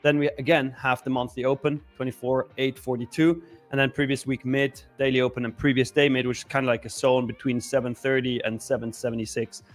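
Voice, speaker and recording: A man talking through market levels on a live stream in a relaxed, chatty way, pausing on fillers as he thinks. His voice sits at an ordinary pitch, and soft music plays faintly underneath. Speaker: co-host of a live trading stream. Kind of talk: casual market commentary.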